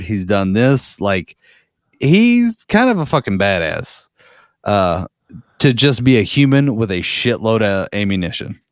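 A man's voice: fairly low pitch, clean tone, no echo, clean studio sound. A man in a casual podcast chat, a profane, rambling storyteller.

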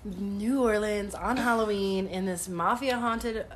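A woman co-hosting a chatty podcast, spinning an anecdote with animated energy and frequent laughs. She is getting over a sickness and coughs now and then. There is a faint background hiss. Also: medium pitch, a little slow. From part Sicilian and Italian heritage. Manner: animated storyteller, laughs often. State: sick with a cough. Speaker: podcast co-host. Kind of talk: casual chat, storytelling.

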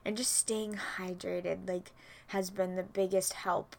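Young woman host, casual chatty delivery, slightly winded, breathy asides. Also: fairly low pitch, flat delivery, unhurried. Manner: chatty, frequent "like" and "you know", soft breathy asides. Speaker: podcast host. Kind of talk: casual solo chat.

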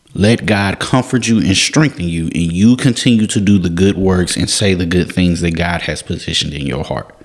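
A young man, teaching a Bible passage in an earnest, casual way and often repeating and restarting his words. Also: deep voice. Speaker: devotional podcast host.

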